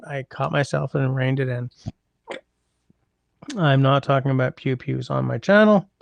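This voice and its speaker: A man's voice: mid-range voice, gravelly, no echo, lo-fi sound. A man hosting a casual livestream, reading viewer comments aloud and rambling with wry asides in a chatty way. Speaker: livestream host reading chat.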